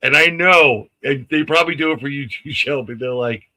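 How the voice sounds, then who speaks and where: A man's voice: medium pitch, brisk, rough recording. A man casually telling a story on a live stream, acting out the lines of people in it and laughing often. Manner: animated, acts out quotes, laughs often.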